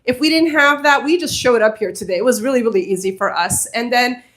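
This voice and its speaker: A woman with a bright, high voice addresses a crowd at a mosque gathering. She speaks as a community organizer, heartfelt and earnest, and presses the audience with urgent appeals. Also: fast. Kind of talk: impassioned speech to an audience. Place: community hall at a mosque event.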